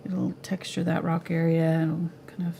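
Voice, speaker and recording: A woman teaching a live painting lesson at home, chatty and relaxed, coughing as she loses her voice. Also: deep voice, normal speed, vocal fry, slight background noise. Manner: relaxed, chatty, laughs easily. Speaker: painting instructor. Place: home art studio.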